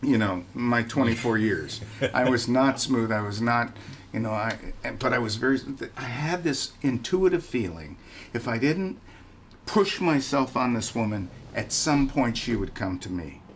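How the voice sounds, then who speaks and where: A man's voice: medium pitch, animated, measured pace, a little hiss or hum. An older man telling a story from his youth in a candid, self-mocking way, laughing as he goes. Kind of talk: casual spoken anecdote.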